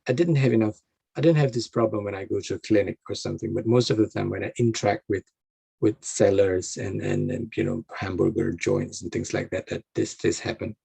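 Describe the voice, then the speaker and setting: A man talking casually in an interview, explaining in a halting way and often restarting his phrases while he looks for words. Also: on the low side, steady tone, gravelly, warm tone, breathy edge, dry recording. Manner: explanatory, advice-giving.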